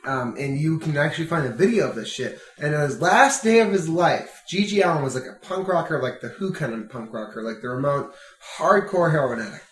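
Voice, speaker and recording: A young man with a somewhat high voice rambles through a crude anecdote, loose and profane after a few beers. He talks in an echoey room. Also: animated, brisk. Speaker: friend in group chat. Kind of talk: casual crude banter.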